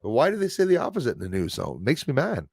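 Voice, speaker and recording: Male livestream host, rambling and animated, average-pitched voice, very dry close sound, chats to viewers between restarts. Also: very fast, creaky, slightly rough, dry recording. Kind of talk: rambling livestream chat reading viewer comments.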